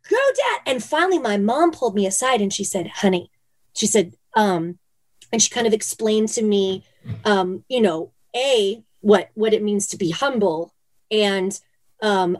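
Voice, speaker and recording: A woman from Phoenix, a former dancer, telling stories as a guest in a casual interview, with lots of "like" and "you know". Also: medium pitch. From Phoenix, Arizona. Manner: chatty, many "like" and "you know" fillers, animated retellings.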